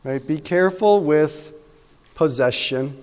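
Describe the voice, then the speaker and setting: A man's voice: a little high, slow, big-room sound. A man preaching a sermon as pastor, talking conversationally and often asking his listeners "right?".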